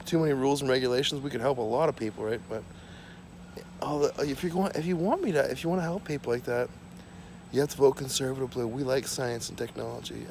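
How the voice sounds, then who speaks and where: Gravelly man ranting to camera. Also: medium pitch, quick pace, a little mellow, a little hiss or hum. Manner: ranting, profane, repetitive, drifting off topic. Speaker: vlogger. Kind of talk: rambling monologue to camera. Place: small home.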